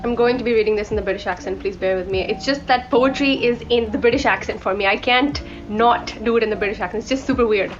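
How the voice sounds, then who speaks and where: A woman's voice: on the high side, quick pace. A young woman from India talking casually about books she read, rambling and correcting herself as she goes. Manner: chatty, rambling, corrects herself mid-sentence. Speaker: book vlogger. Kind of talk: casual book review chat. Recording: dull lo-fi audio with faint background music.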